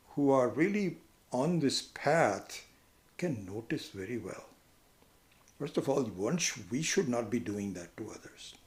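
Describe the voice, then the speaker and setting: Man teaching scripture in an echoey room. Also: darkish tone. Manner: conversational, acts out quoted people with sudden high pitch. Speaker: spiritual teacher. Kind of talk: lecture on scripture.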